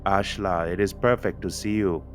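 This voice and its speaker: A man voicing a gentle, compassionate woman who speaks in a hushed, soothing way with a lilting upward lift on her vowels. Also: deep voice, moderate pace, faint music behind, close to an everyday voice. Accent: lilting, heavy upward inflection on vowels.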